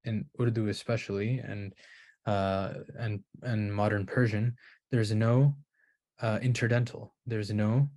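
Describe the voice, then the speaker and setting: A man teaching Qur'an recitation gives an explanatory lecture on pronunciation, his voice lowish and a bit mellow. He works through ideas aloud, often restarting and asking "right?" to check in.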